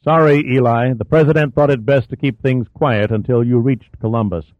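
A man voicing an authoritative male flight operations director who speaks in a firm, measured way. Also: mid-range voice, fairly even intonation, no echo, lightly acted. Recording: dry, thin phone-like audio.

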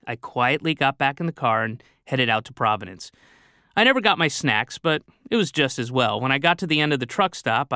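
A man telling a comic story in a goofy, excitable, naive way. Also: medium pitch, clear, resonant tone, dry recording, clean studio sound. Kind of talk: comic monologue.

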